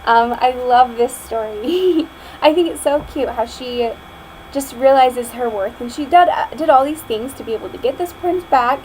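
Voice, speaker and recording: A woman's voice: sits high, moderate pace, a little hiss or hum, rough recording. A young woman reading a picture book aloud as a student, telling it expressively and then chatting casually about it. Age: young adult. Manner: expressive storytelling, chatty afterward. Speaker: student reader.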